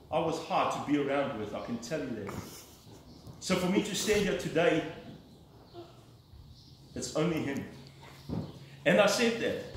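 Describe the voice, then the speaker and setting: A man's voice: on the high side, heavy reverb, recorded from a distance, a little hiss or hum, poor audio. A middle-aged man giving an earnest, emphatic personal testimony from the pulpit of a church. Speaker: lay preacher giving testimony.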